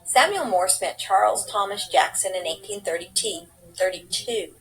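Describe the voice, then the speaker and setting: A woman presenting a slideshow report, reading it out in a plain, steady way. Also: medium pitch, unhurried, poor audio.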